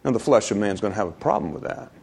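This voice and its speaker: A male pastor preaching a sermon, building through emphatic rhetorical questions and slowing down to stretch key phrases. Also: on the low side, gravelly, darkish tone, husky.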